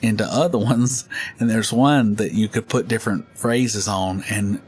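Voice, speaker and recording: A man's voice: lowish voice, fairly even intonation, moderate pace, breathy edge. A middle-aged man chatting casually while playing a game, rambling through stories and laughing often. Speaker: gaming channel host.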